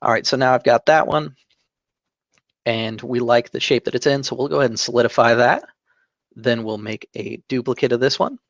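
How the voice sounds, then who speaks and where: A man with a gravelly, mid-pitched voice talks through a digital drawing tutorial in a relaxed, step-by-step way, pausing on fillers and correcting himself. The recording from his desk mic sounds dull and dry. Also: no room sound. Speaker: tabletop game channel host. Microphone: desk microphone.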